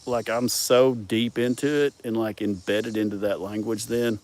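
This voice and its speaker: A man's voice: lowish voice, fairly even intonation, normal speed, darkish tone. Folksy Arkansas man rambling outdoors. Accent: Southern US, Arkansas. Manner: runs words together. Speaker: vlogger. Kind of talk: rambling casual storytelling.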